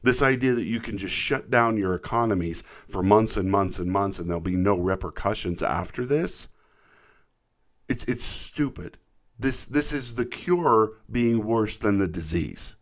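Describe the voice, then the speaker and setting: A man's voice: fairly low pitch, lively intonation, a little slow. A man from the United States, a truck driver, ranting in an indignant, emphatic commentary, repeating words when worked up.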